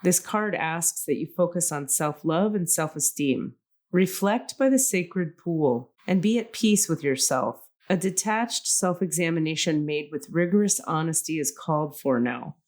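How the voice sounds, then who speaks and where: A middle-aged woman co-hosting a spiritual podcast, reading card messages aloud in a calm, soothing cadence. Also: sits low, unhurried. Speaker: podcast co-host reading intuitive cards.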